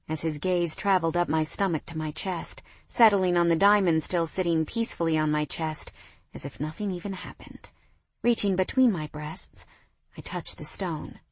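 Expressive young woman narrating a romance. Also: lowish voice, dry recording. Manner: expressive, emotional dialogue reading. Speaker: audiobook narrator. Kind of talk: first-person romance narration.

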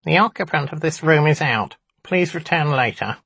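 A man voicing a proud little male imp guarding a door, with a squeaky, nasal, polite voice. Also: animated, moderate pace, vocal fry, a bit bright, breathy edge, no echo, heavily acted. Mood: prim squeak. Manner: polite, dutiful, nervous.

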